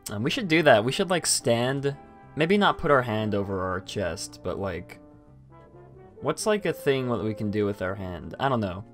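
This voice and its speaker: A man's voice: on the low side, very animated, moderate pace, fairly bright tone, soft background music. A man hosting a casual live stream chat, rambling with many fillers and restarts. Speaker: host.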